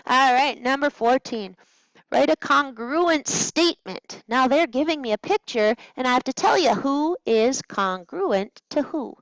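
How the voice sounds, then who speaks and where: A woman's voice: high-pitched, expressive, moderate pace, dry recording, low-quality recording. A woman math teacher talking through practice problems at a smart board, chatty and playful with little asides to herself. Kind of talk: recorded test-prep walkthrough.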